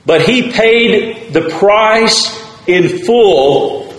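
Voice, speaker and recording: A man preaches in a high, unhurried voice. He paraphrases scripture and builds to fervent calls, and his words ring through an echoing church sanctuary. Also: expressive. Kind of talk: sermon. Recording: roomy church echo.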